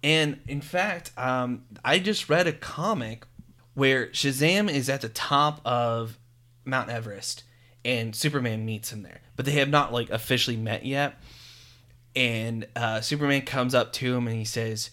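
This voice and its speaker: A man in casual film chat who talks in an animated way and slips into quoted voices as he retells scenes. His voice sits at an ordinary middle pitch. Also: a little slow. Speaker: podcast co-host.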